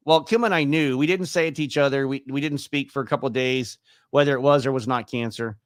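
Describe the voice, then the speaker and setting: This clean, dry studio recording features a fifties-aged man speaking fast in a steady, mid-range voice. As an interview guest, he shares a personal story casually and chattily, performing the lines of dialogue he repeats.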